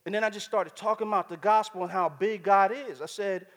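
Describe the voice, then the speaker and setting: A man's voice: high-pitched, fairly even intonation, fairly quick, a bit bright, big-room sound. Slangy, conversational man preaching. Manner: casual, slangy, conversational preaching with repeated asides to the crowd. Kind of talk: sermon.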